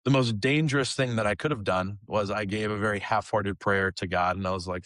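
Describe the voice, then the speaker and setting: Low-voiced young man telling a story. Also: fairly quick, few pauses, dry recording, studio quality. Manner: animated storyteller who acts out quoted dialogue; casual, with frequent fillers like "like" and "um". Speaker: kids ministry leader, podcast guest. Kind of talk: conversational storytelling.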